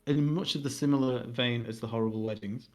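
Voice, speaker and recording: A man's voice: medium pitch, fairly even intonation, a little fast. A man co-hosting a casual podcast, teasing his friend and chipping in with short quips. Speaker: podcast co-host. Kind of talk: casual chat. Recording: faint background music.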